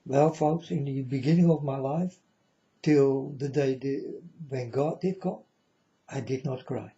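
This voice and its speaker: A mellow, medium-pitched man talks to his viewers in an easygoing spiritual monologue captured on a dull lo-fi recording. Slow and repetitive, he keeps checking whether they follow by asking "you understand?"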